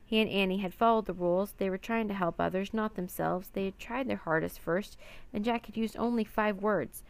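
Woman storyteller, slightly gravelly, even children's-book narration. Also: medium pitch, brisk. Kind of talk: children's book read aloud.

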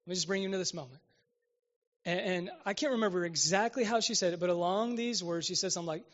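A man's voice: high voice, quick pace, muffled recording. A man in his late twenties preaching a sermon as pastor, talking conversationally and often checking in with the audience.

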